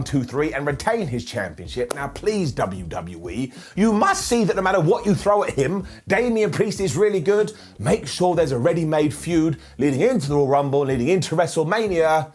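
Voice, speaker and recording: A man hosting a casual review show, talking in an animated, jokey and ranting way. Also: high voice, slightly rough. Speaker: host. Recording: faint background music.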